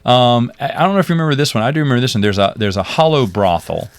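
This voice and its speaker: A man co-hosting a podcast, retelling TV episodes in a rambling, animated way with laughs. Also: mid-range voice, very fast. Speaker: podcast co-host. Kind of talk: casual chat recapping a TV series.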